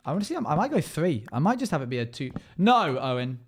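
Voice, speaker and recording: A man's voice: fairly high pitch, wildly swooping pitch, racing, darkish tone, a little hiss or hum. A man chatting casually with his live stream viewers, playful and joking with frequent laughter. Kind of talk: casual livestream chat.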